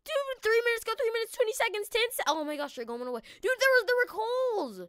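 A woman hosting a gaming video, giving excitable let's-play commentary with frequent exclamations. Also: very high-pitched, fast, dry recording, clean studio sound.

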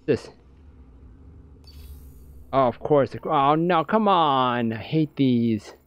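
Excitable man doing let's play commentary. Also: medium pitch, extremely slow, highs cut off. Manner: excitable, jokey, talks to himself. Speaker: game streamer.

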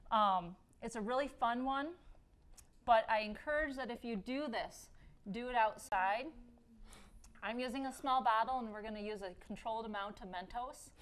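Playful, higher-voiced woman teaching science. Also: normal speed, a bit bright. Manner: playful questioning teacher who laughs often. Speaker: science show host. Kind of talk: hands-on science demonstration for a young assistant.

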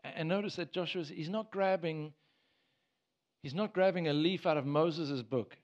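A man's voice: fairly high pitch, moderate pace, darkish tone. Guy preaching in church, earnest, lots of restarts, kinda dull lo-fi recording. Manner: earnest, rises to emphatic bursts, many restarts. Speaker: pastor. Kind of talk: sermon.

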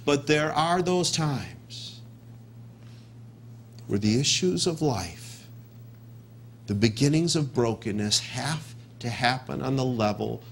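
A man preaching a verse-by-verse sermon as pastor, repeating key phrases with emphasis and dropping to a hush to stress a point. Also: medium pitch, lively intonation, slow pace, creaky, long pauses, a little hiss or hum. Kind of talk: expository sermon.

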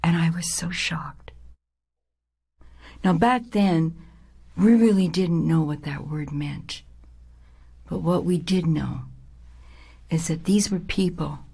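A woman's voice: low voice, vocal fry, slightly rough. An older woman telling her own life story with feeling, now and then dropping to a whisper for weight. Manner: emotional, dramatic, drops to a hushed whisper. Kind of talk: personal life story told to an audience.

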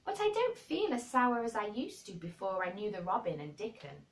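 A woman's voice: mid-range voice, huge pitch swings, voice pushed up. A woman voicing a blunt, plain-spoken girl who talks frankly and earnestly. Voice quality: frank and brisk. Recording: roomy and distant.

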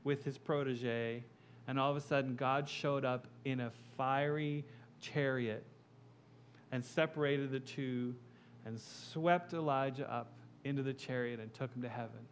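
Slow, emphatic male pastor preaching. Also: medium pitch, fairly even intonation, a little hiss or hum. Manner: impassioned, building to loud emphatic peaks then dropping quiet. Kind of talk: sermon.

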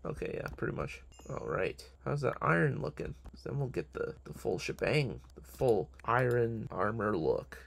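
A man's voice: fairly low pitch, big pitch swings, normal speed, creaky, few pauses, a little hiss or hum. A young man giving casual, profane, joking commentary on his own game, talking to himself as he plays. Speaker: gamer.

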